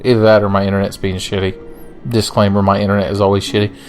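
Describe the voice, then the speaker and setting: A man's voice: fairly low pitch, completely flat delivery, fast talker, faint music behind. A young man giving casual, profane, joking let's-play commentary as he plays a game. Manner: profane, joking, rambling asides. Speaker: gaming channel host.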